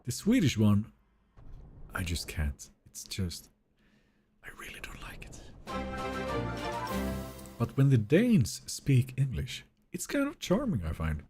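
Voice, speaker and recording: A man's voice: mid-range voice, huge pitch swings, a little slow, loud music behind the voice. A man streaming a game live, chatting casually and reading viewer messages aloud in a wry, joking way that trails off into mumbles.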